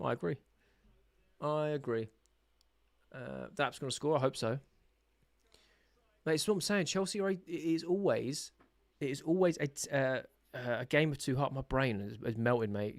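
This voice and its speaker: A young man hosting a live football watch-along, chatting casually with his viewers, excitable and sarcastic, shouting when his team scores. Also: medium pitch, no room sound, studio quality. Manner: excitable, bursts into shouts at goals, sarcastic banter with chat. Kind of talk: live match reaction chat.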